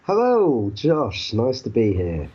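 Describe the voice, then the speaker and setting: A young man co-hosting a casual review podcast from his bedroom, animated and lively in retelling. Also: mid-range voice, slightly rough, dull audio. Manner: animated retelling with quick voice impressions. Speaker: podcast co-host.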